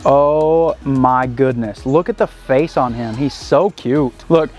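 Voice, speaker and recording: A man hosting a casual vlog outdoors on a farm, chatty and excitable, talking to the animals and the camera. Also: mid-range voice, takes it slowly. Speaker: vlog host. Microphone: handheld action camera.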